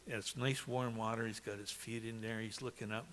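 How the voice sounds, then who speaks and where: A man's voice: lowish voice, steady tone, fairly quick, a bit bright, a little hiss or hum. A man from Canada giving a eulogy for his brother, telling chatty anecdotes and laughing along. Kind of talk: storytelling eulogy.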